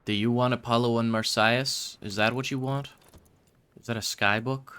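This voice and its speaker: A man's voice: medium pitch, fairly even intonation, normal speed, bright, forceful tone, smooth. A man streaming a game, chatting to viewers in a rambling, self-mocking way. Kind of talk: casual live-stream chatter.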